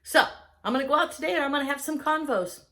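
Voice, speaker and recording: A middle-aged woman chatting casually as host, an enthusiastic and animated storyteller. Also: high voice, quick pace. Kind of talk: casual chat.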